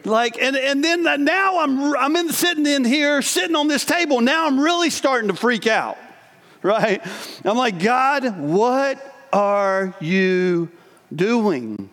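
A man in his forties telling a personal story in a sermon, animated, laughing often and cutting himself off mid-sentence. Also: extremely high pitch, normal speed. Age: 40s. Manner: animated, laughing, self-interrupting. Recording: long hall reverb.

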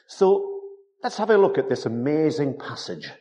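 A man's voice: mid-range voice, very animated, measured pace, mellow. A man preaching a sermon, emphatic and full of rhetorical tag questions.

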